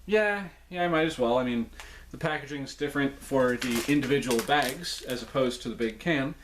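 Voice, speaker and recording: A man's voice: medium pitch, normal speed, fairly bright tone, slight background noise. A man reviewing snacks in a casual, chatty way, with playful jokes and asides.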